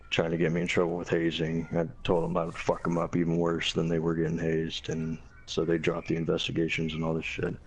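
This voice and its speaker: Young guy rambling a cuss-heavy story, deep and raspy. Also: a little hiss or hum, rough recording. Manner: profane, blunt, quoting others animatedly. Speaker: former Marine telling a story. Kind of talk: casual storytelling.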